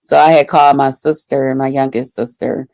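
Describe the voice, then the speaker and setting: A woman's voice: a bass voice, steady tone, moderate pace, dark tone, no room sound. A woman vlogger telling a personal story to her viewers in casual, blunt, profane talk full of fillers.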